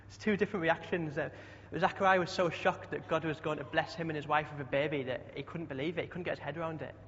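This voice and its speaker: Chatty young preacher, higher voice. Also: male voice, steady tone, fast, fairly bright tone, a little hiss or hum. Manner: chatty, asks the congregation questions. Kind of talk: sermon. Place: church hall. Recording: dull sound with long hall echo.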